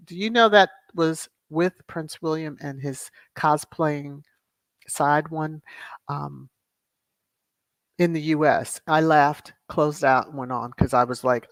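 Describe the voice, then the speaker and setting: A woman's voice: sits low, dry recording. A woman hosting her own commentary channel, talking casually to viewers with sassy, exasperated asides.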